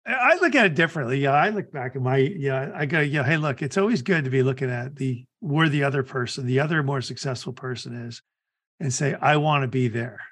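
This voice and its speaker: A middle-aged man hosting a podcast, talking in a relaxed, casual way. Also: mid-range voice, brisk. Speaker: podcast host. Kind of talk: casual chat.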